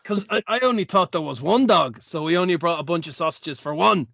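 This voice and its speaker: A man playing a tabletop game, talking in an animated, stammering way as he jokes with the group. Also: on the high side, a little fast, gravelly, no echo. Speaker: player. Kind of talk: casual tabletop role-play.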